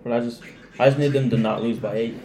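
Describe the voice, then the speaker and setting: A man's voice: mid-range voice, fairly even intonation, fast talker, dark tone, echoey room. A man co-hosting a casual sports chat, reading out football picks in a joking, rambling way. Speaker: podcast co-host giving betting picks.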